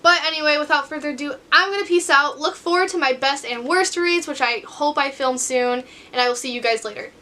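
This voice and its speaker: A woman's voice: sits high, brisk, few pauses, bright, forceful tone. A young woman in a casual, rambling chat to camera about books, filming on her bedroom floor at night. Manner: chatty, rambling, self-deprecating. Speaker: book vlogger.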